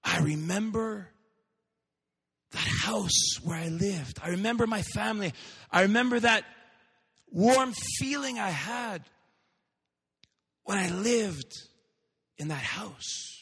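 A preacher voicing a desperate runaway daughter. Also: male voice, high-pitched, slow, long pauses, fairly bright tone, husky, long reverb tail, pitched above the performer's own voice, full character voice. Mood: wistful. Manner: pleading, emotional delivery.

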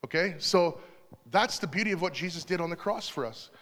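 A middle-aged man gives a sermon in a church, his voice sitting a little high for a man. He talks in a relaxed, conversational way and drops in small asides. The sound carries a long hall reverb. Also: a little fast. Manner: conversational, warm storytelling with asides. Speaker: pastor.

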